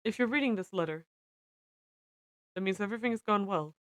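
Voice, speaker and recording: A woman reading aloud the farewell letter of a gentle young man who is dying, in a soft, earnest way. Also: mid-range voice, a little fast, dry recording, studio quality, natural voice. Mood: tender.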